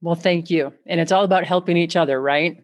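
A woman hosting a podcast, thanking her guest and reflecting in a measured way on the conversation. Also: fairly low pitch, fairly even intonation. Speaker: podcast host. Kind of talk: interview and reflective wrap-up.

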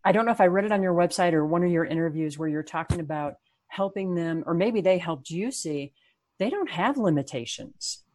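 A woman with a fairly low voice conducts a conversational interview. She reflects back what her guest has said in an affirming, thoughtful way. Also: lively intonation, brisk, darkish tone, slight background noise.

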